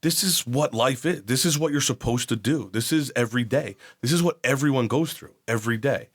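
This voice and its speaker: A New Jersey man in his forties, guesting on a podcast, tells his life story candidly, bluntly and profanely, acting out quoted voices. His mid-range voice moves briskly.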